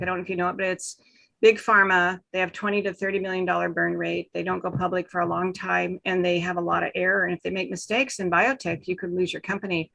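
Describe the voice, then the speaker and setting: A woman coach talks on a video call with lively emphasis, slowing right down and speeding up to demonstrate how speakers lose a crowd. Her voice sits at a middle pitch. The sound is close and dry. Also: creaky, no echo, low-quality recording. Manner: animated, acts out speaking styles, shifts between slow and fast. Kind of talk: panel talk with advice.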